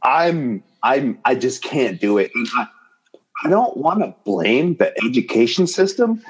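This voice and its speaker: Exasperated man ranting with wild pitch swings. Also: a little slow, slightly rough, highs cut off. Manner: exasperated, animated ranting with incredulous high-pitched jumps. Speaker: podcast co-host. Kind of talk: casual storytelling chat.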